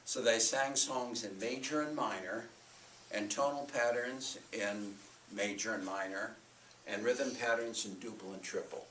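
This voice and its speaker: A man's voice: fairly low pitch, a little slow, fairly bright tone, slight background noise. Older man lecturing, singing demo syllables. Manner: breaks into solfège and chanted rhythm syllables to demonstrate. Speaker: music education lecturer. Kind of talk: lecture with sung and chanted examples. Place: college lecture hall. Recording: roomy hall recording from far off.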